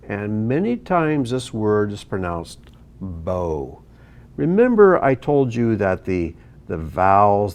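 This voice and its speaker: Slow, patient male Hebrew tutor. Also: on the low side. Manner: slow, patient explaining with lively ups and downs. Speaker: Hebrew teacher. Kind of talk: video lesson.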